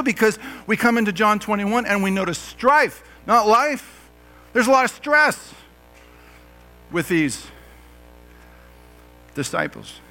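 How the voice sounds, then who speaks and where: A middle-aged man preaching with a high, bright, forceful voice. He keeps it conversational, asking rhetorical questions and slipping in jokes. Soft music plays faintly behind him. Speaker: pastor. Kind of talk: sermon.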